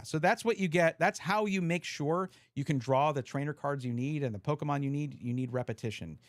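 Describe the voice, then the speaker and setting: Lively hiccuping man explaining cards. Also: mid-range voice, dry recording, studio quality. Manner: chatty, explains card rules while sorting. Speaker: streamer reviewing trading cards. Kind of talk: casual live-stream chat.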